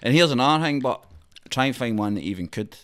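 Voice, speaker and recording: Scottish guy hosting a podcast, rapid-fire, blunt and sweary. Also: medium pitch, lively intonation, a bit bright. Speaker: podcast host. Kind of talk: casual chat.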